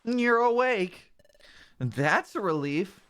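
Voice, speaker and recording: An eager little Mudkip from a monster game, put on by a man, pitched high and lively, swooping up on every question. He talks earnestly and slowly, full of concern. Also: clear, resonant tone, full character voice. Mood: worried. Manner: raised, earnest storybook voice. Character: friendly young male Mudkip partner, earnest.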